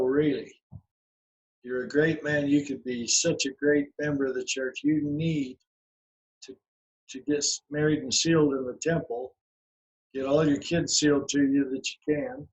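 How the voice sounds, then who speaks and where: A man's voice: a little high, rough recording. A man in his eighties telling a long personal story as a podcast guest, folksy and rambling, with many restarts and fillers. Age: 80s. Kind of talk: storytelling in an interview.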